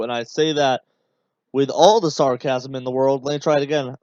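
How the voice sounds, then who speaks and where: This man talks casually over a match for his podcast, rambling with lots of fillers and sounding sarcastic and exasperated. His medium-pitched voice is fairly even, slightly mellow and moderately paced, captured on a dull, dry mic with no room sound.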